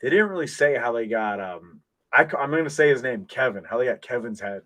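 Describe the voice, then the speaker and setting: A man hosting a casual podcast, talking in an excitable, rambling way full of restarts, into a desk mic. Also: medium pitch, fairly quick. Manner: excitable, rambling fan talk with many restarts. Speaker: podcast host. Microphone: desk microphone.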